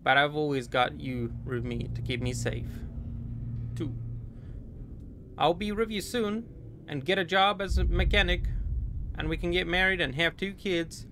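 A man's voice: on the high side, measured pace, pauses often, a bit bright, a little hiss or hum. A man voicing a young male sailor, reading a tender, homesick love letter in a put-on stereotypical American accent. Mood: wistful. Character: young male sailor writing home to his sweetheart.

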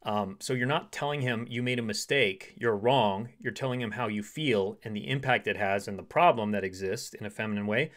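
A man's voice: lowish voice, fairly quick, hardly any pauses. A man giving dating advice to women as a relationship coach, speaking straight to the listener and acting out short example conversations. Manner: acts out short quoted dialogues in softer voice.

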